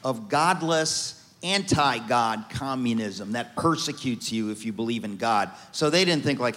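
A man from the United States, a guest author telling his life story on stage in an animated, joking way. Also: medium pitch, unhurried, hardly any pauses, in a large hall.

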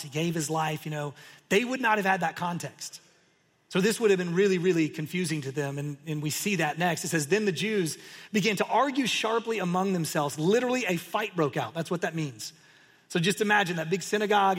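Pastor, male, high husky voice, lively storytelling sermon, long hall reverb. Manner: animated storytelling, acting out crowd reactions.

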